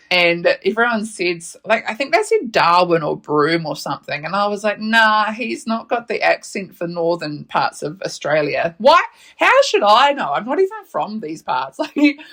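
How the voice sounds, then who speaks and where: A woman's voice: medium pitch, a bit bright. A woman, hosting a casual solo podcast. She tells stories in a chatty, blunt way, swears freely and laughs often. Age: late 30s. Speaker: podcast host.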